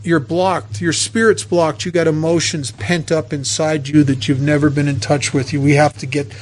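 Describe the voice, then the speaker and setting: A man puts on God as a calm, fatherly deity with a folksy, coaxing manner who keeps politely asking whether his plans are okay. The voice sits a little lower than the speaker's usual high one. The tone stays easy and plain-spoken. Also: normal speed, close to an everyday voice. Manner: coaxing, folksy, repeatedly asks permission.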